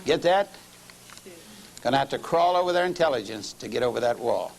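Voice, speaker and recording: In this rough recording with slight background noise, a middle-aged man preaches, narrating a story with lively intonation at a slightly fast pace. His creaky voice falls to low murmurs, then rises for emphasis.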